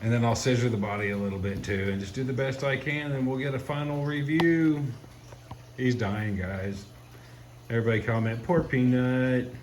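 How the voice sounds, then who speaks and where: A man's voice: medium pitch, normal speed. A man, chatting casually to the camera and his dog while he grooms it indoors. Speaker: dog groomer and pet owner. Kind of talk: casual vlog narration. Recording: echoey room with loud ambient noise.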